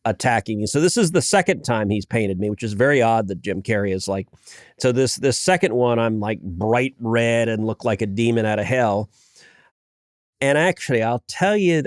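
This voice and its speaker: A man's voice: medium pitch, no room sound, clean studio sound. A man in his forties, a senator and podcast host, chatting casually and telling anecdotes with self-mocking humor. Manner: anecdotal storyteller who laughs at himself. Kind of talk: casual chat.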